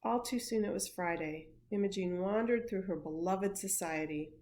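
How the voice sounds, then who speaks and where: A woman, an education coordinator, reading a picture book aloud with expressive storytelling. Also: medium pitch, normal speed.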